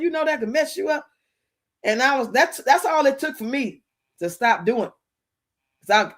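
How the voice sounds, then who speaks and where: A middle-aged woman hosting a livestream, chatting casually and telling stories, laughing often and acting out what people said. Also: medium pitch. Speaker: livestream host. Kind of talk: casual storytelling chat.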